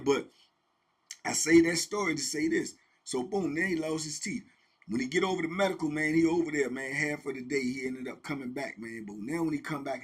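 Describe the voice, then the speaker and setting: A middle-aged man casually telling a prison story, animated, with sound effects and quoted voices. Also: on the high side, breathy edge. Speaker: host telling prison stories.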